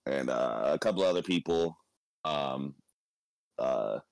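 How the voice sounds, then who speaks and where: A young man co-hosting a podcast in casual chat, hoarse with his voice nearly gone, rambling, swearing and laughing as he retells scenes. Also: very deep voice, animated, slow, darkish tone, dry recording. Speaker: podcast co-host.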